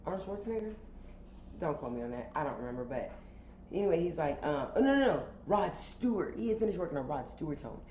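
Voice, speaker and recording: A woman's voice: low-pitched, sing-song, fast, a little mellow. A woman telling a casual, candid story for a podcast, chatty and profane, full of fillers. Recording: roomy, dull sound with faint noise.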